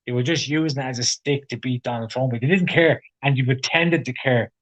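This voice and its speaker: A man's voice: medium pitch, a little fast, muffled recording. A man co-hosting a casual podcast, ranting opinionatedly and swearing. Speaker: podcast co-host. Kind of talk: casual chat.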